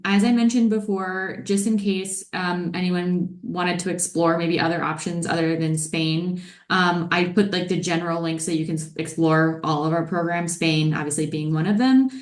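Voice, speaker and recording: Deep-voiced woman hosting a webinar, echoey. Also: steady tone, moderate pace. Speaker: webinar host, program advisor. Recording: echoey room.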